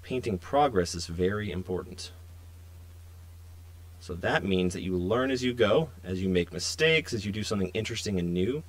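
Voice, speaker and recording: A young adult man hosting a casual live-stream painting tutorial, chatty and relaxed as he talks to viewers while working. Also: low-pitched, moderate pace, no echo. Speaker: miniature painting stream host.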